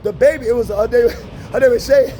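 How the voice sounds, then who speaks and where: A man telling wild personal stories in a casual, profane, laughing manner, outdoors by a street. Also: very high voice. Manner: profane, laughing, animated storytelling. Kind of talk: casual storytelling. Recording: loud street traffic noise.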